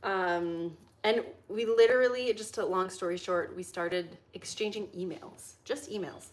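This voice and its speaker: A young woman hosts a livestream from her home kitchen, cooking while chatting casually with viewers and reading out chat questions. Her voice is mid-range and a little slow.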